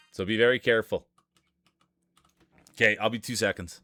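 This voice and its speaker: A man's voice: lowish voice, steady tone, normal speed, long pauses, music in the background. A man hosting a live stream of marble races, commentating in playful, jokey announcer patter.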